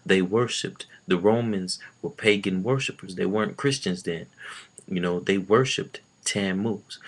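A man's voice: fairly low pitch, a bit bright. A man giving an informal Bible teaching, earnest and loose, with many filler words. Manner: earnest, with frequent "you know" fillers. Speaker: preacher.

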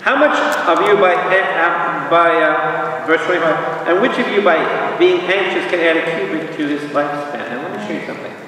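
A man, a priest, leading an informal Bible study, lively and joking, asking the group questions. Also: on the high side, moderate pace, few pauses, a little hiss or hum. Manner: jokey, lively teaching with asides and questions to the group. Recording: echoey hall, voice from far off.

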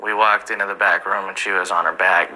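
A man's voice: low voice, flat delivery, fairly quick, sharp tone, low-quality recording. A young man in an interview, hesitantly recalling a hard moment. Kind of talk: interview recollection.

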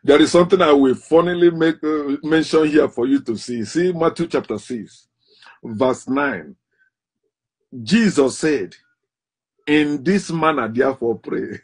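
Husky, mocking man. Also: sits high, animated. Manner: scornful, laughs between points, drawn-out emphatic stresses. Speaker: online commentator. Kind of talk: mocking monologue.

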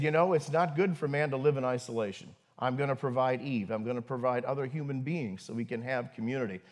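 A man who is a pastor, preaching a sermon to his congregation, earnest and building to emphasis, with pauses and fillers. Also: mid-range voice. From northern United States. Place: church congregation.

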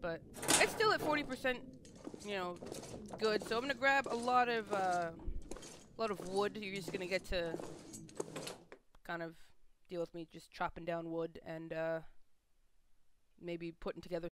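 A woman's voice: on the low side, normal speed, long pauses. A young woman casually commenting while playing a video game, chatty and profane, talking to her character. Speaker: gaming video host. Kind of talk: casual let's-play commentary. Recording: noisy audio with loud game ambience.

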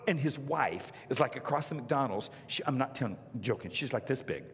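A man's voice: fairly high pitch, sing-song, normal speed, breathy edge. A man preaching a storytelling sermon, acting out the voices of the people in his story. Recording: reverberant church hall.

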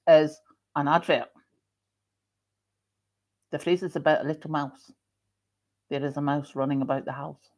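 A middle-aged woman with a Scottish accent, hosting a casual chat and telling stories in an expressive way, with emphatic repeats. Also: sits low, normal speed, pauses often. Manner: chatty and expressive, with emphatic repetition. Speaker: host.

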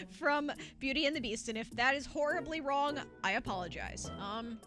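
A woman's voice: a little high, very animated, normal speed. Chatty woman over game music. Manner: chatty, rambling and self-deprecating. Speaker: let's play host. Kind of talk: casual gameplay commentary.

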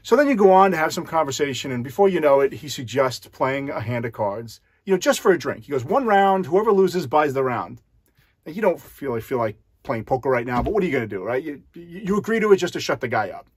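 A man's voice: mid-range voice, expressive, fast, few pauses, breathy edge, dry recording, studio quality. A man who is a magician, explaining a card scam to the viewer step by step in a conversational way. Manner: conversational, addresses the viewer directly. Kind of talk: explanatory talk to camera.

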